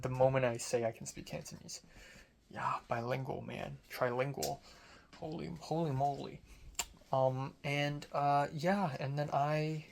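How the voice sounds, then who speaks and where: Young guy from hong kong rambling through a story, mid pitch, self-mocking, swears a lot. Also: vocal fry. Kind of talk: casual spoken storytelling.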